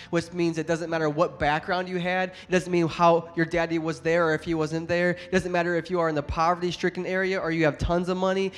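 A young pastor preaching a sermon to his congregation, a little stuffed up from a cold, building to emphatic, loud exhortation between warmer, quieter asides. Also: a little high, flat delivery, fairly quick, hardly any pauses. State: congested from a cold. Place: church service with a congregation.

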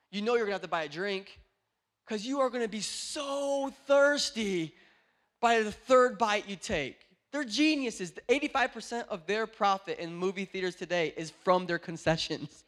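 A young man preaching a sermon in a church, moving between hushed storytelling and loud, shouted exhortation. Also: sits high, normal speed. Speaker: pastor. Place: indoor church.

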